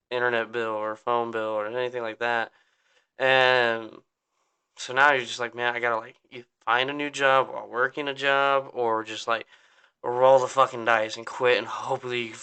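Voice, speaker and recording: Young man, podcast host, casual rant, rambling, swears a lot, bright tense voice, smooth crisp tone. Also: medium pitch. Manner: downbeat, venting.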